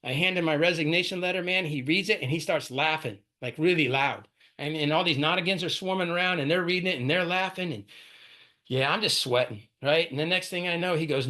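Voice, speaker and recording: At a meeting, a man in his forties shares his personal recovery story as an AA speaker. His voice is a little high, fast and sharp-toned, and his talk is casual, peppered with "right?" and "man."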